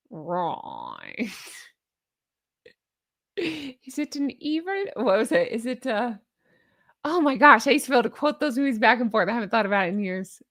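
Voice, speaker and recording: A middle-aged woman hosting a casual chat, reading online posts aloud and reacting with sarcastic asides and animated remarks. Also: on the high side. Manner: chatty, animated, sarcastic asides and little sung bits.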